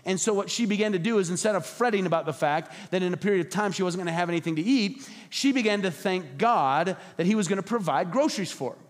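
A man's voice: sits high, fast, hardly any pauses, big-room sound. A man, a pastor, preaching a sermon and telling stories, acting out the voices in the quotes. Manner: storytelling, acts out voices in quotes.

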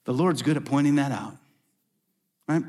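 A man's voice: mid-range voice, moderate pace, a little mellow. A middle-aged male pastor preaching a sermon, emphatic, with repeated phrases and rhetorical questions. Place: church sanctuary. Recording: long reverb of a large hall.

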